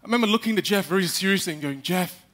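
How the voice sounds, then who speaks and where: A young man giving a live talk on stage, animated, acting out little quotes and speaking straight to the audience. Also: high-pitched, rapid-fire. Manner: animated, acts out quotes, addresses the audience directly.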